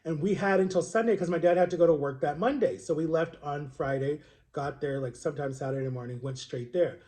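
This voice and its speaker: A young man with a noticeably high voice chats through a long personal story for his vlog. He rambles and circles back, peppering his telling with "like" and "right?" as if talking to friends. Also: fairly quick, darkish tone. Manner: chatty, rambling retelling full of "like" and "right?". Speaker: vlogger. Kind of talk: casual storytelling to camera.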